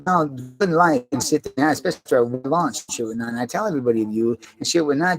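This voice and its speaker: A man's voice: medium pitch, fast. A man delivering a rambling, agitated monologue, swearing constantly and repeating himself. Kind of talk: rambling profane rant.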